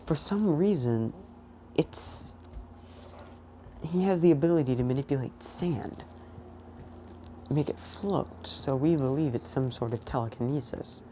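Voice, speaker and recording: A woman's voice: extremely low pitch, measured pace, long pauses, warm tone, a little hiss or hum. A woman voicing a doctor who explains a finding in a matter-of-fact way, on a dull lo-fi recording. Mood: calm.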